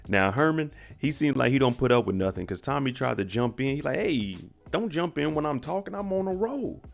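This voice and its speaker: A man's voice: on the low side, vocal fry. Slangy, laid-back recap guy. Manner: slangy, conversational storytelling, addresses viewers. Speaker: TV episode recap host. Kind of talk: casual episode recap.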